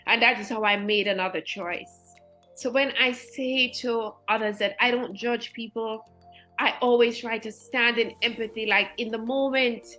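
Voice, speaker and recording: A woman's voice: a little high, a little slow, bright, forceful tone, soft background music, poor audio. A woman guest educator telling personal stories in an earnest, heartfelt, faith-filled way, emotional and near tears.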